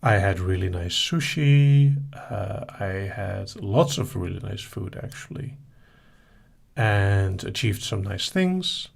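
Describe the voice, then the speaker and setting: A man hosting a live session, reading listener questions aloud and answering them in a relaxed, casual way. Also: fairly low pitch, slow, gravelly, breathy edge. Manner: relaxed, reads out questions then answers briefly.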